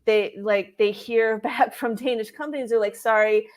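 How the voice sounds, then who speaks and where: A woman's voice: fairly high pitch, moderate pace, darkish tone. Chatty woman career coach, many restarts. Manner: chatty, frequent restarts and "like" fillers. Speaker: guest, career coach for expats. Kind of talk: casual interview talk.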